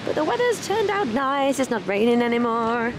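A young British woman vlogs her trip in a bubbly, excitable voice that sits a little high. She laughs often. It is recorded on a handheld camera, with clear outdoor noise behind her. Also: moderate pace. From Britain. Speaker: travel vlogger. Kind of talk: casual travel vlog.

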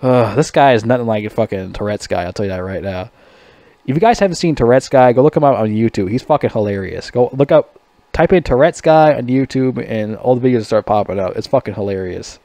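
Profane, rambling man with a lively voice. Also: mid-range voice, fairly quick, no echo. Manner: profane, rambling, laughs at his own jokes. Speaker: movie reviewer. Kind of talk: casual rant.

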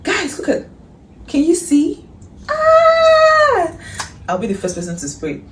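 A woman's voice: mid-range voice, normal speed. Gushing Nigerian woman vlogging in an echoey room. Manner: excitable and gushing, with shrieks and breathy exclamations. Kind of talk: casual haul vlog chat. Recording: echoey room, distant mic, faint hiss.

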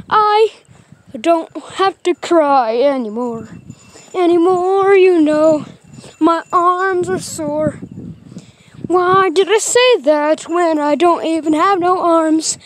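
A woman's voice: very high-pitched, slight background noise, heavily acted. Woman doing a mopey armless puppet boy. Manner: whiny, mopey, sing-song. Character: sad armless puppet boy, gloomy and whiny. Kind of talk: puppet play.

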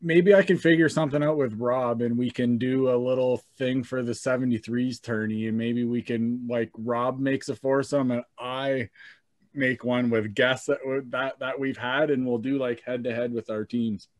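A relaxed male host talks with his guest in an easygoing, slightly crude way. His voice is recorded close and dry, with no room sound. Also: medium pitch, moderate pace, no room sound. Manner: laid-back, laughs easily, swears casually. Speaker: podcast host. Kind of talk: casual chat.

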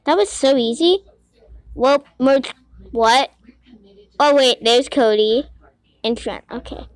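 A woman giving casual commentary while playing an online game, excitable, giggly and quick to get frustrated, talking to herself. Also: sits high, no echo. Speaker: gamer playing a Roblox game. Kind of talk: casual let's-play commentary.

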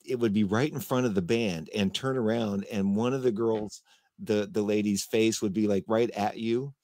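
Low-voiced man hosting a casual chat. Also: steady tone, a little mellow, no room sound, clean studio sound. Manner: halting, restarts sentences, chatty. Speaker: host. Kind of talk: casual conversation.

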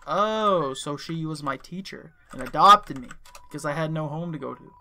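A man's voice: on the high side, vocal fry, sharp tone, a little hiss or hum. A man giving casual, joking gameplay commentary as a streamer, reading the game's text aloud.

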